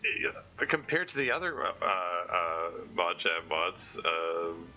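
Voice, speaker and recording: A man's voice: low-pitched, sing-song, takes it slowly, bright, forceful tone, lo-fi sound. A man casually commenting while playing through a visual novel, rambling with lots of fillers. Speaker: streamer. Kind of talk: casual let's play commentary.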